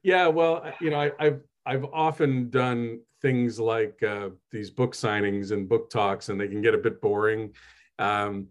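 This New Jersey man, a host and author, has a mid-range voice with a steady tone and measured pace. He tells stories casually and chattily, poking fun at himself and using lots of fillers.

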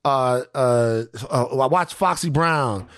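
A man's voice: medium pitch, slow pace, smooth. A man hosting a podcast in casual chat, ranting animatedly and swearing a lot. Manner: profane, animated ranting with repeated phrases. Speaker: podcast host.

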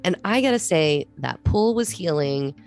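Low-voiced woman, animated storyteller. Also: normal speed, creaky, soft background music. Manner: animated storyteller, acts out quotes. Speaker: podcast co-host. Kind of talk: casual chat.

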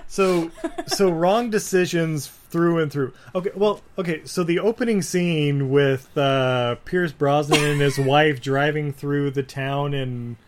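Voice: medium pitch, takes it slowly, slight background noise. A co-host on a casual movie-review podcast, chatty and sarcastic, laughing often.

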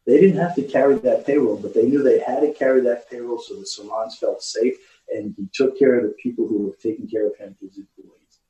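A middle-aged man telling stories in casual chat, slipping into quick put-on voices and laughing as he goes. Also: mid-range voice, mellow. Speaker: podcast guest. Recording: roomy, distant, muffled recording.

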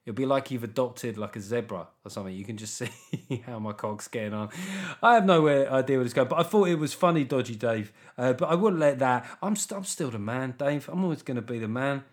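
A man's voice: mid-range voice, lively intonation, quick pace, hardly any pauses. A British man hosting a podcast, chatting casually with cheeky, irreverent banter. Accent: British English. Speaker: podcast host. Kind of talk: casual comic podcast monologue.

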